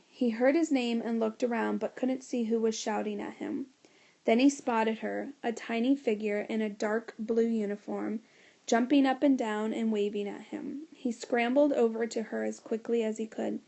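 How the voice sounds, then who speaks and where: A woman narrating a children's storybook in a steady, expressive reading. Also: on the high side, normal speed, gravelly.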